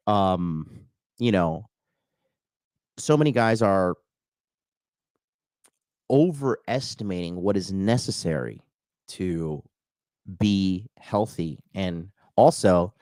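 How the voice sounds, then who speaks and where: A man coaching on dating and fitness in a blunt, profane podcast monologue, now and then mocking others in a high put-on voice. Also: expressive, slow, pauses often, darkish tone, smooth, no room sound, studio quality.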